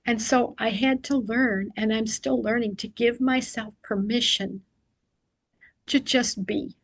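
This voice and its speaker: A woman's voice: a little high, steady tone, takes it slowly, dry recording, rough recording. A middle-aged woman sharing a personal devotional reflection, speaking earnestly and confessionally, sometimes poking fun at herself. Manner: earnest and confessional, often self-deprecating.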